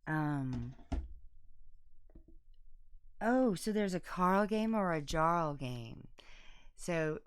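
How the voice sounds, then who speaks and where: A woman's voice: sits low, lively intonation, extremely slow, pauses often, a little hiss or hum. Lady host in her 50s, laughs a lot, takes her time talking, cracks dirty jokes. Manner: giggly, laughs often, joking and bawdy. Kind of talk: casual chat while unboxing a board game.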